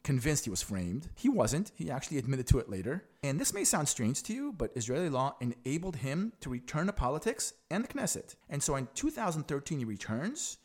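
Animated, outspoken male political commentator. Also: fairly high pitch, a little fast, few pauses, husky. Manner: frank and sarcastic, explains to viewers. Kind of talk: opinionated explainer commentary.

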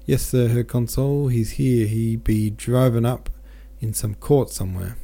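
A man voicing a young labourer who speaks in a slow, rough country dialect. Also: mid-range voice, fairly even intonation, warm tone. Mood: stubborn. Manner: slow, drawling dialect speech.

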